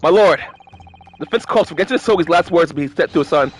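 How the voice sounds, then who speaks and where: A player reading lines as a stern presiding judge in a formal, measured way. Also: mid-range voice, lively intonation, natural voice, rough recording.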